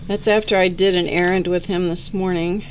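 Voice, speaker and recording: Her voice sits on the low side, with a level tone and normal speed, and a little hiss or hum runs under the audio. She's hosting a live art session, crafting while she chats and rambles in a self-deprecating way.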